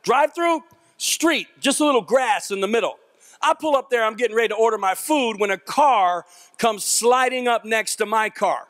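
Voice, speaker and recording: A man's voice: extremely high pitch, moderate pace, no room sound, clean studio sound. A middle-aged man giving a comedic motivational speech to teenagers, telling stories and acting out the voices. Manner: animated storyteller, acts out voices and jokes. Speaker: motivational youth speaker. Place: large auditorium with a young audience.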